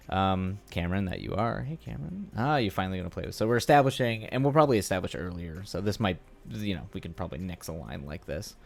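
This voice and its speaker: A man on a live stream, musing and thinking aloud with rambling asides as he works through a script. His voice is deep and sits low. It carries a steady gravelly fry. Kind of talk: casual live-stream writing session.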